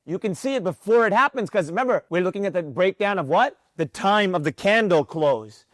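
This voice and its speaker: A man teaching a live day-trading class, energetic and firing rhetorical questions at his students. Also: high voice, brisk, no room sound, clean studio sound. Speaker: trading instructor. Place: room with students present.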